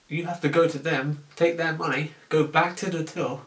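A man's voice: fairly high pitch, fairly even intonation, normal speed, fairly bright tone, recorded from a distance. A young man from the UK delivering a casual, sarcastic comedic rant to camera about his work as a shop cashier. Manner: sarcastic, exasperated, acts out customer exchanges. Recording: roomy echo, voice off-mic.

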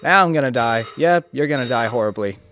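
A man casually commenting on his gameplay, joking and swearing and reacting loudly to scares. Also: mid-range voice, animated, brisk, a little hiss or hum. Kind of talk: casual let's-play commentary.

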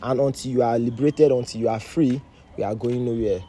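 A man's voice: mid-range voice, steady tone, fairly quick, warm tone, slight background noise. A man with a Nigerian accent hosting a staged deliverance video, earnestly speaking to camera and mediating. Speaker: pastor, host.

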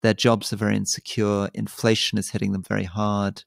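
Male podcast co-host, measured explainer, gravelly, dry studio sound. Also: fairly low pitch, little pitch movement, dry recording. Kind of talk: casual political chat.

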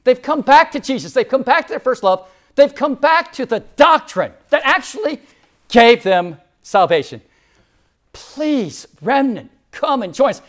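A man in his sixties preaching a sermon as church leader, swinging from loud declarations to near whispers. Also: extremely high pitch, very animated, a little slow. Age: 60s.

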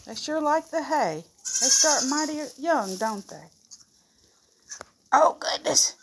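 A woman's voice: high-pitched, big pitch swings, measured pace, background noise. A woman who breeds goats, chatting casually and cooing affectionately to her animals. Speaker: goat breeder and vlogger.

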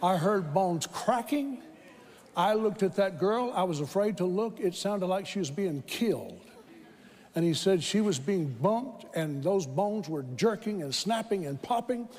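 High-voiced Southern preacher in a big hall. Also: male voice, unhurried. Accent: Southern American. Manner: animated, quoting voices and rising to shouts of praise. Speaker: pastor. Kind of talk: sermon storytelling. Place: large church hall with congregation. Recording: reverberant church hall with crowd.

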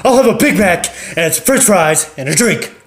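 A man doing a loud, bossy grump of a husband. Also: high voice, sing-song, fairly quick, pitched above the performer's own voice. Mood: gruff. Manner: yelling, bossy.

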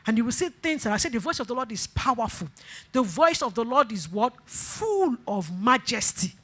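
A woman's voice: on the high side, big pitch swings, fast, fairly bright tone. A woman pastor preaching a sermon, leading call-and-response, repeating phrases and breaking into emphatic bursts. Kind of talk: sermon exhortation.

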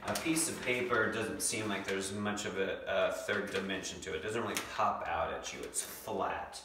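A young man teaching a second grade lesson from home, patiently sounding out words slowly. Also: sits low, background noise. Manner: patient, slow, stretches out words to sound them. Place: home room. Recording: echoey room, mic far off.

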